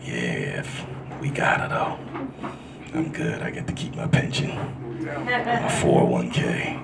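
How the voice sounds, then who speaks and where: A man doing a stand-up comedy set in a club, loud and crude, working the crowd as he tells stories. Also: a bass voice, a little slow, creaky, long pauses. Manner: loud, crude, animated storytelling with crowd work. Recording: live club recording with room noise.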